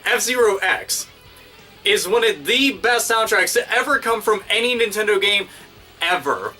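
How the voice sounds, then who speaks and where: A man hosting his own video, ranting casually and excitedly with constant swearing and crude exaggeration. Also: sits high, measured pace, far from the mic, soft background music. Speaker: video host. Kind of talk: casual profane rant.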